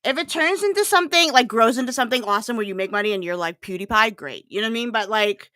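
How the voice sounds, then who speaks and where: A woman's voice: fairly high pitch, animated, fast talker, hardly any pauses, sharp tone, dry recording, clean studio sound. A woman talking bluntly and emphatically as a guest on a casual livestream chat, swearing freely and rambling with restarts.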